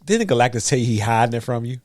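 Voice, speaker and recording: A man's voice: medium pitch, expressive, fast, a crowd in the background. A man co-hosting a podcast, trading teasing, laid-back reactions in casual banter about a movie. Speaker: podcast co-host.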